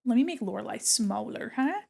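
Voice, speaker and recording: A woman with an expressive, higher voice that's gravelly, mellow, and slightly rough talks briskly as she livestreams her drawing. She's chatty and playful, narrating each step of her work.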